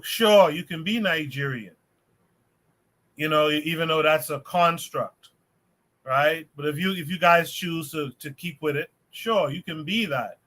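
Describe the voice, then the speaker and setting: A man's voice: a little high, bright, forceful tone. A man hosting a livestream podcast, thinking aloud in a rambling way before handing over to a guest. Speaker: podcast host. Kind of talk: casual livestream discussion.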